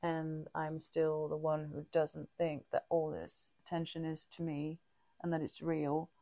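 Woman, podcast co-host, candid casual chat, halting restarts, mellow dark tone. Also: deep voice, monotone, no echo, clean studio sound. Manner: halting, frequent restarts and fillers; open and reflective.

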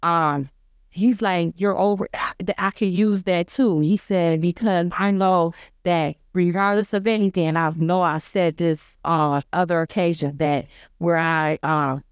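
A woman tells her personal faith testimony with a low, smooth voice, recorded dry and close. She talks earnestly and loosely, and she acts out her own remembered words with lively jumps in pitch. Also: unhurried, no room sound. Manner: conversational, many fillers and restarts. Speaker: church member giving testimony.

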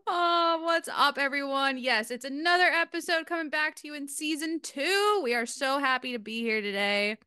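Woman, podcast co-host, high bright voice, bubbly, rambling, dry close sound. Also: moderate pace, few pauses, no echo. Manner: bubbly, rambling, laughs often. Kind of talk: casual chat. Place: at home in Boston.

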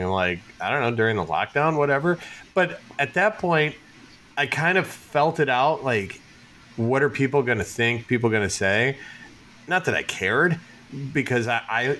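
A man co-hosting a podcast, telling stories in a casual, animated way, swearing and laughing often. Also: medium pitch, fairly quick. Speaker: podcast host. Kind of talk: casual chat.

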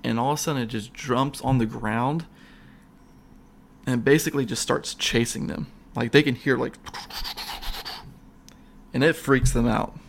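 A man recounts a paranormal investigation in a loose, excitable ramble. His voice carries a gravelly rasp at a middle pitch, and he trips over restarts and fillers as the story tumbles out. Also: unhurried, long pauses, a little hiss or hum. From Florida. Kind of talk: casual ghost-hunt storytelling.

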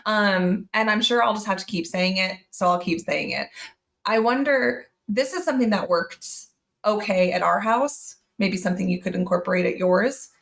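Gravelly-voiced mom podcaster telling stories. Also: female voice, mid-range voice, moderate pace, a bit bright. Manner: storytelling with quoted asides. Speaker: podcast co-host. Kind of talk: casual chat.

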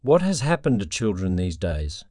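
A man's voice: fairly low pitch, big pitch swings, normal speed, mellow, no room sound, studio quality. A man reading the lines of a bewildered, grieving father in a subdued, shaken way.

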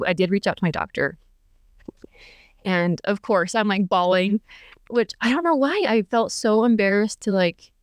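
A woman's voice: medium pitch, clear, resonant tone, no room sound, studio quality. A young adult woman telling her own story as a podcast guest, chatty and candid, full of fillers and restarts. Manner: chatty, many fillers and restarts, laughs between thoughts.

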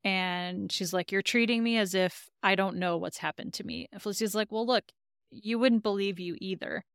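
Casually recapping an episode, a woman co-hosting a podcast retells scenes in quoted lines. Her mid-range voice is clean and fairly bright, with fairly even intonation and normal speed, captured in clean studio sound without echo.

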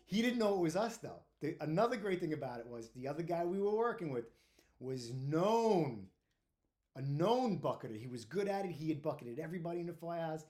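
A middle-aged retired firefighter tells his stories casually. His voice sits a little high for a man, and he swears freely and breaks into laughter often. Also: animated, moderate pace, darkish tone. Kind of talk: casual storytelling to camera.

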